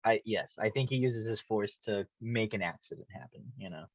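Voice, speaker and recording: A man's voice: fairly low pitch, fairly quick, no room sound, highs cut off. A man co-hosting a casual review chat, adding short quips and laughing along. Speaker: podcast co-host.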